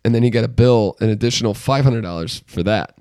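A young man co-hosting a casual podcast, spinning animated stories full of swearing. His voice sits mid-pitch and close to the mic with a dry sound. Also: fast talker, no room sound. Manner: animated storyteller, profane, mimics voices. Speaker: podcast co-host. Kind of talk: casual chat.

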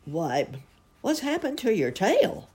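A woman's voice: very deep voice, wildly swooping pitch, slow pace, vocal fry, warm tone, heavily acted. A woman reading a storybook aloud, voicing a friendly, simple young male bear who speaks earnestly.

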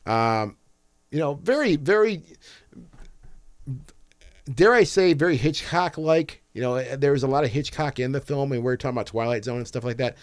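A man's voice: mid-range voice, normal speed, long pauses, dry recording, studio quality. A man co-hosting a podcast, chatting casually about films, rambling with restarts and jokey grumbling. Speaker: podcast co-host. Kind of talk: casual movie chat.

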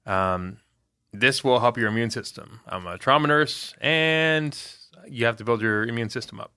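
A man's voice: medium pitch, normal speed, sharp tone, clear, resonant tone, no echo, studio quality. A man co-hosting a casual podcast, joking around and reading listener messages aloud with wry asides. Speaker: co-host answering player questions. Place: Canada.

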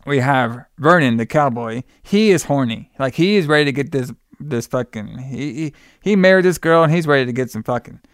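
A man recapping a movie in casual chat, animated, laughing and swearing often. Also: medium pitch, normal speed, few pauses, smooth, dry recording, clean studio sound.

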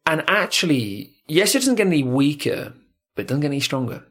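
A man's voice: on the high side, very animated, fairly quick, a bit bright, husky. A man hosting a podcast in casual chat, talking in an emphatic, motivational way.

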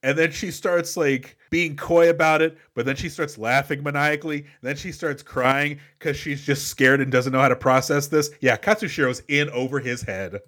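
A man's voice: a little high, moderate pace, hardly any pauses, a bit bright. A man co-hosting a casual movie-review podcast, wry and joking, with some swearing. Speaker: podcast co-host.

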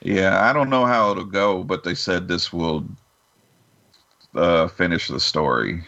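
A man's voice: low-pitched, a little slow, pushed and bright, dull audio. A man co-hosting a casual podcast, reading news items with lots of "uh" fillers.

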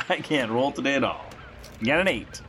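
A man's voice: mid-range voice, noisy background. A man playing a tabletop game, joking and teasing the others. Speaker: player.

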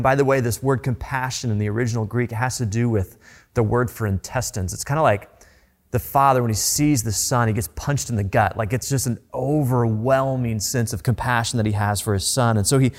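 A man's voice: medium pitch, normal speed, gravelly. Conversational male preacher. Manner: conversational, animated storytelling. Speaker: pastor. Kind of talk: sermon.

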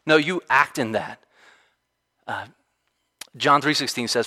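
A man preaching a sermon in an animated, conversational way, often restarting his sentences. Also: medium pitch, takes it slowly. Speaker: pastor. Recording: reverberant hall sound.

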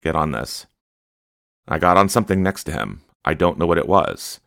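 Deep gravelly man reading a prophecy. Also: sing-song, a little fast, a bit bright, no echo, clean studio sound. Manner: earnest, exhorting listeners. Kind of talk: reading aloud with commentary.

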